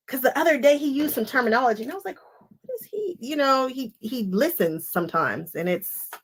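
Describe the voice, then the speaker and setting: A woman hosting a quilting live stream, chatting casually and laughing often as she wanders off on tangents while cutting fabric at home. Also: a little high. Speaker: quilting channel host. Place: home sewing space.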